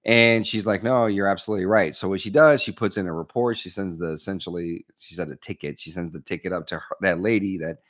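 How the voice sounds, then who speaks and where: Deep-voiced man telling a story. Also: quick pace, few pauses. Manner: animated storyteller, acts out dialogue. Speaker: keynote speaker. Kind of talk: storytelling talk.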